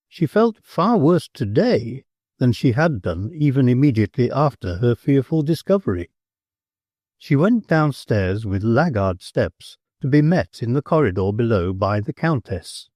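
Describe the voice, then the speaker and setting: A man's voice: mid-range voice, very animated, unhurried, warm tone, dry recording, clean studio sound. A man reading a novel aloud as an audiobook narrator.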